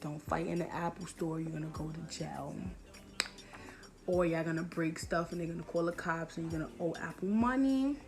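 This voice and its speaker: A woman's voice: low-pitched, normal speed, over music. A woman voicing a worried young female friend who keeps urgently pleading with her not to fight. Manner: urgent, repeating pleas.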